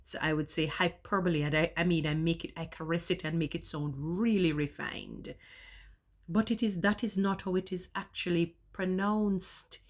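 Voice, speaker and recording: A woman with a notably low voice talks straight to her audience in a relaxed vlog. She picks grand, elaborate words and enjoys shaping each one as she says it. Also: normal speed. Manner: elaborate, expressive, savours long words. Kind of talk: casual vlog monologue.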